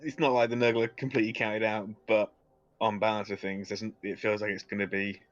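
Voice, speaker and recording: A man co-hosting a podcast, laid-back with quick deadpan quips in casual chat. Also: lowish voice, lo-fi sound. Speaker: podcast co-host.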